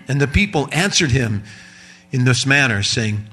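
A male pastor preaching a sermon, reading scripture and telling the story in an animated way with humorous asides. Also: mid-range voice, measured pace, breathy edge.

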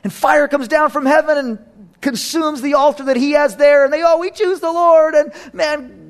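A man's voice: very high-pitched, normal speed. A man preaching a sermon as a youth pastor, telling stories animatedly and acting out quotes.

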